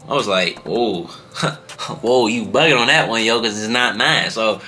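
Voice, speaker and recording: A young man vlogger telling a story in casual slang. His voice jumps up in pitch when he acts out what people said. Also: measured pace, a little hiss or hum. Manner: animated, slangy, jumps high in pitch when acting out quotes.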